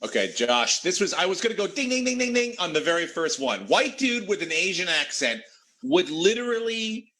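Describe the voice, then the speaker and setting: A man with a high, bright voice riffs as a comic panelist. He rambles and restarts often while he builds his bits. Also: sing-song, normal speed. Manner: rambling, stumbling through setups. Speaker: comedian panelist. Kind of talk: riffing comedy chat.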